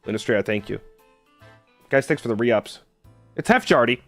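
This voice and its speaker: A man's voice: mid-range voice, normal speed, soft background music. A man streaming live, chatting casually with viewers in a sarcastic, argumentative way.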